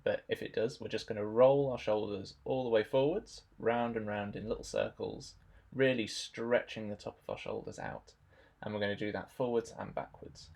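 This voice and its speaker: A young man narrating a stretching warm-up demonstration in a relaxed instructional voice-over, adding dry jokes. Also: fairly low pitch, vocal fry. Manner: dry, joking asides.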